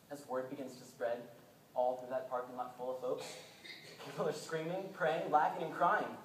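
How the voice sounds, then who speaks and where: A man's voice: medium pitch, level tone, moderate pace. Intense young man in an echoey hall. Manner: intense, swinging between hushed and urgent. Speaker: student performer. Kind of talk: dramatic monologue performance. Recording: echoey hall, mic far off, faint room hum.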